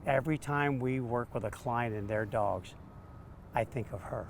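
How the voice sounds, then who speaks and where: A man, a dog trainer, telling stories in an interview, animated and acting out quotes. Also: mid-range voice, moderate pace, creaky, a little hiss or hum. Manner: animated, acts out quotes with laughs. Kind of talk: storytelling interview answers.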